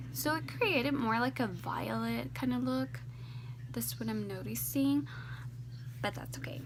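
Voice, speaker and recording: A woman narrating a makeup tutorial step by step, soft-spoken and often dropping to a whisper. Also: a little high, noisy background. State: teary-eyed from a poked eye.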